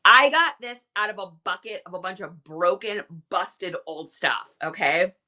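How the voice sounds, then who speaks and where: This middle-aged woman, a livestream reseller host, keeps her casual chat energetic and full of enthusiastic tangents, speaking unhurriedly. Her voice is medium in pitch, pushed and bright.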